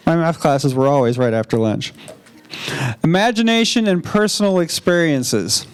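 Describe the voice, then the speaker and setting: A man's voice: a little high, big pitch swings, slow pace, a little hiss or hum. A man leading a teaching workshop, chatty and jokey, drawing answers out of the audience in a large room. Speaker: workshop presenter.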